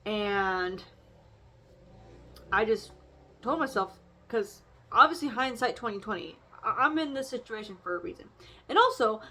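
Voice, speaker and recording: A woman's voice: fairly high pitch, lively intonation, a little slow, pauses often, pushed and bright. Rambling young woman, reflective vlog. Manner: rambling, frequent fillers and restarts. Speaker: vlogger doing an oracle card reading.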